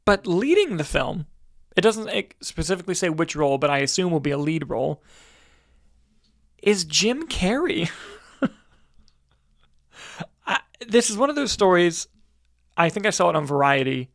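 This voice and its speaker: Gravelly man in casual podcast chat. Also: high-pitched, sing-song, moderate pace, pauses often, dry recording, studio quality. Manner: candid, profane, joking. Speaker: podcast co-host.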